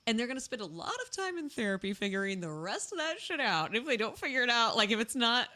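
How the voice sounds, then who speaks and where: A woman talking as a podcast guest in a casual chat, animated and chatty, often restarting her sentences. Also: on the high side, fast.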